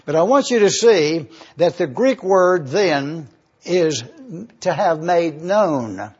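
A man teaching the Bible verse by verse, deliberate and careful, spelling out words letter by letter. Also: a little high, lively intonation, husky, lo-fi sound.

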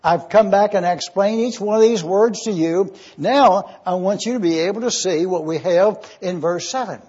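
A man preaching an expository sermon as pastor, teaching slowly and emphatically with deliberate repetition of key words. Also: sits high, darkish tone, husky. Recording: dull lo-fi sermon recording.

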